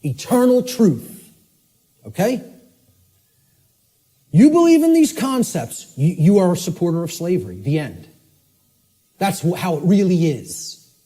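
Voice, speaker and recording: A man giving a forceful, emphatic lecture, often checking in with "okay?" and spelling words out letter by letter. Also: high-pitched, very animated, unhurried, long pauses, husky.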